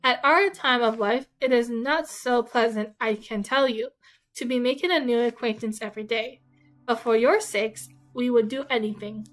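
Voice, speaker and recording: A woman voicing a fretful, excitable middle-aged mother, complaining in a shrill, fussy way. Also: moderate pace, close to an everyday voice, rough recording. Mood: fussing.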